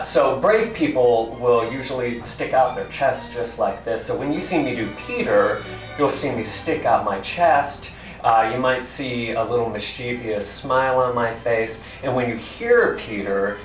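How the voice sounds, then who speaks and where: A man with an everyday mid-range voice walks young listeners through his character work, friendly and a little hesitant. He sounds distant in a roomy hall, with faint music behind him. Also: medium pitch. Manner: friendly, explanatory, with some hesitant fillers. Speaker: actor.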